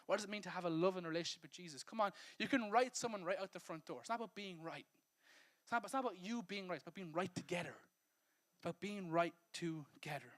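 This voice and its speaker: An Irish pastor with a notably high voice delivers a sermon in a loose, chatty way. He breaks into acted-out snippets of dialogue and laughs at his own asides, then presses his point home with repeated phrases. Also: quick pace. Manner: lively, conversational preaching that acts out quotes and laughs at himself. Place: church service.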